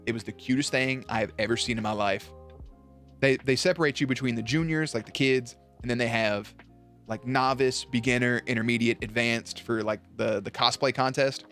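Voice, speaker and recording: A man chatting casually on a live stream, animated and profane, with sudden jumps up in pitch. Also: moderate pace, faint music behind.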